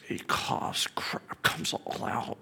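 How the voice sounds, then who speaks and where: A middle-aged man giving an earnest, emotional personal testimony as a father. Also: takes it slowly. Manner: earnest, emotional storytelling with quiet whispered prayers.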